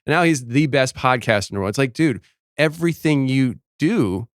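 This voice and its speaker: A man's voice: medium pitch, expressive, brisk, smooth, no echo, clean studio sound. A man hosting a casual podcast interview, enthusiastic and full of filler words. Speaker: podcast host.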